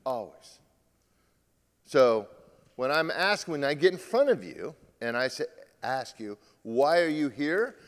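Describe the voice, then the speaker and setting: A male pitching coach giving a lively live talk to players and parents, acting out what players say. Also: slow, pauses often, big-room sound. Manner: animated, acts out quotes from players. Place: large room with a live audience.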